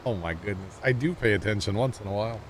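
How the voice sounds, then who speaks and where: A livestream gamer from Missouri speaks fast in a fairly low voice with a St. Louis accent. He chats casually with viewers while playing, rambling and laughing easily, and a little hiss or hum comes through.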